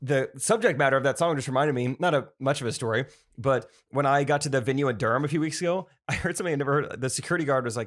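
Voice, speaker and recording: Male co-host with a middle-range voice, playful banter, quick to laugh. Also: medium pitch, fairly bright tone. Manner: playful, laughs often, reads aloud with asides. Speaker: podcast co-host. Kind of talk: casual chat.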